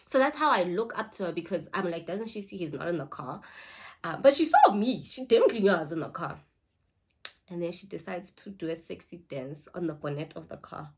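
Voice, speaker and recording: A young woman with a South African accent, telling a personal story while getting ready on a phone camera, jumping from loud outbursts to hushed asides. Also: medium pitch. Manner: animated, swings between loud and hushed asides. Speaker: YouTuber.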